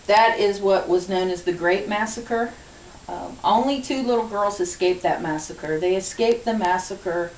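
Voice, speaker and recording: A woman's voice: on the low side, darkish tone. Woman giving a class speech from afar. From Virginia. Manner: measured, explanatory, with frequent ums. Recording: distant, echoey room with hiss.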